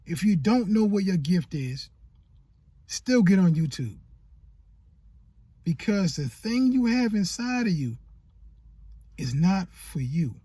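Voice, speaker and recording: A man's voice: sits high, very animated, slow pace, long pauses, mellow, husky, no echo. A man giving motivational vlog talk as a YouTube coach, preachy and repeating phrases for emphasis.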